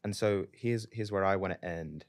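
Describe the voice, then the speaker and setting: A man hosts a podcast in a dry studio. His voice is very low and he speaks in a gentle, measured way, with no room sound around him. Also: no room sound. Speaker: podcast host. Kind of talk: casual interview hosting.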